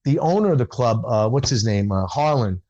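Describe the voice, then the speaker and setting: Man telling an animated comedy-club anecdote. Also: medium pitch, brisk, lo-fi sound. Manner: animated anecdote, acting out dialogue. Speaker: stand-up comedian guest. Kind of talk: casual storytelling.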